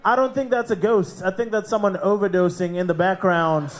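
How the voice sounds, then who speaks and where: A brash Australian man works a comedy club stage with crude stand-up, cussing and cracking up at his own lines. His voice sits high for a man. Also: fairly even intonation, a little fast, slight background noise. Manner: brash, swearing, laughing at his own jokes. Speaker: comedy show host and comic.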